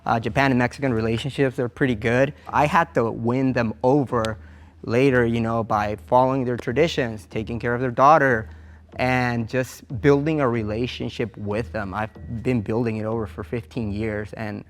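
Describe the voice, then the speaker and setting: A man's voice: mid-range voice, steady tone, normal speed. A middle-aged man from the San Diego area, talking thoughtfully in a casual group discussion. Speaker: panel participant.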